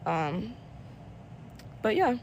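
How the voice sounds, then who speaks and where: A woman's voice: mid-range voice, sing-song, drawn-out words, very noisy. Indignant woman rambling through a storytime. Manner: blunt, indignant, rambling with fillers. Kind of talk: casual storytime.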